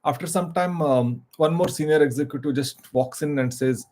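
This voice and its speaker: A man's voice: a little high, a little mellow. A man telling a motivational story informally, with frequent restarts and hesitations. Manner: halting, full of restarts and fillers.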